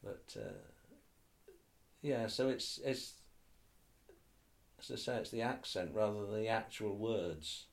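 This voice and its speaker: An older man answers interview questions in a reflective, unhurried way. His voice sits a little low, and he often restarts his sentences. He ends many points with tag questions. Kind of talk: reflective oral-history interview.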